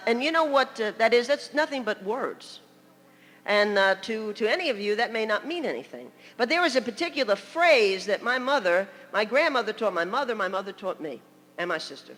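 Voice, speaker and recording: A woman's voice: mid-range voice, a bit bright, in a large hall. An older woman from New York preaching a sermon as a story, chatty, with laughing asides and many "you know"s.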